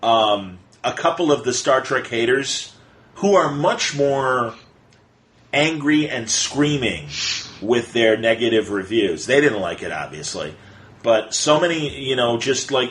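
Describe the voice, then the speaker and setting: A man in the middle of a casual podcast conversation, talking fast and animatedly. His voice sits at a middle pitch. He keeps slipping into playful voices whenever he quotes someone. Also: animated, a bit bright, poor audio. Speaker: podcast co-host. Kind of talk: casual chat.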